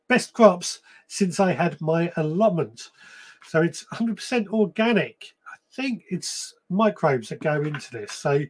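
Casual male host with a fairly high voice, loose and chatty, reading comments on a live stream. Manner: chatty, relaxed, with frequent ums and restarts. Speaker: podcast host.

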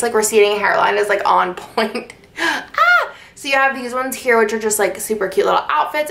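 A young woman gushes through a sticker haul with a slightly gravelly voice, chatty and full of fillers. She sits a little back from the mic in a roomy, echoing space. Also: mid-range voice, fairly bright tone, distant mic. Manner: gushing, chatty, lots of fillers. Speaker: planner sticker vlogger. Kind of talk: casual haul video chat.

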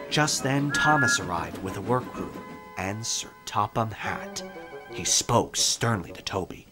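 A man narrates a children's storybook with a lively, expressive voice and a gentle manner. Music plays clearly behind him. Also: on the low side, unhurried.

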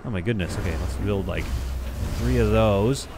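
A man commentating casually on a space building game, thinking aloud and reacting with excited exclamations. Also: on the low side, moderate pace, background noise. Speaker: gameplay commentator. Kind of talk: casual let's-play commentary.

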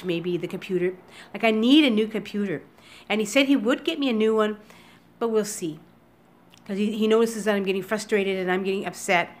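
A woman talking to her viewers in a casual daily vlog from home, emotional and teary, speaking haltingly with many restarts into a computer webcam. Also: mid-range voice. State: upset and teary. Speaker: vlogger. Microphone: computer webcam recording.

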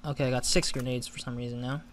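A man's voice: mid-range voice, fairly even intonation, quick pace, background noise. A man hosting a gaming channel, giving casual let's-play commentary, chatty and flustered when he loses.

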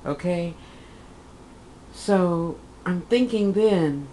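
A woman in her fifties with a lowish voice chats through a long personal story, wandering off track and correcting herself. She plays her own side of conversations with lively bursts. A faint hiss sits under the recording. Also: slow, low-quality recording. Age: 50s. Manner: rambling, chatty, self-correcting, acts out her own quotes. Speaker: vlogger. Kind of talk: casual personal vlog storytelling.

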